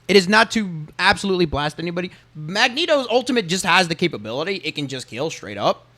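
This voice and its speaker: A man's voice: high voice, very animated, fast talker, bright, forceful tone, no room sound. A man reviewing his own gameplay as a lesson, emphatic and repetitive, swearing and saying "bro" often. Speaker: gamer coaching through his own gameplay.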